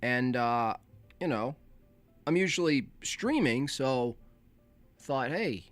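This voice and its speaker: Slow laid-back man hosting a stream. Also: medium pitch, animated, no room sound, faint music behind. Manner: rambling, laid-back, talks to himself while setting up. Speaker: livestream host. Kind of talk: casual livestream chat.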